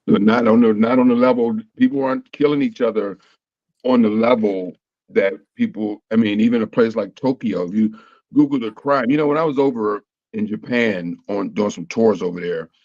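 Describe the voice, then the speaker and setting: A man's voice: fairly low pitch, normal speed, darkish tone, dry recording, dull audio. A man, a comedian, talking casually and rambling with lots of fillers and restarts. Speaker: comedian guest. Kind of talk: casual panel chat.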